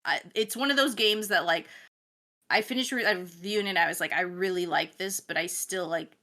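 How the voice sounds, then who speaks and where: A woman's voice: on the low side, brisk, bright, forceful tone. A woman co-hosting a casual podcast, chatty and enthusiastic, with many fillers. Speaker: game editor, podcast co-host.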